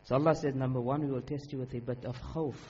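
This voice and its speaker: A man preaching a sermon in an earnest, emphatic way, repeating key phrases and reciting Arabic verses quickly. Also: mid-range voice, steady tone, darkish tone. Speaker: Islamic preacher. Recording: dull lo-fi recording with faint hum.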